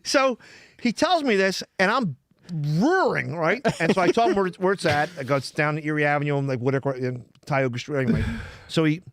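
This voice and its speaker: A man's voice: on the high side, expressive, a little fast, a bit bright, no room sound. A man telling rambling comic stories as a podcast guest, laughing often and restarting his sentences. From Philadelphia.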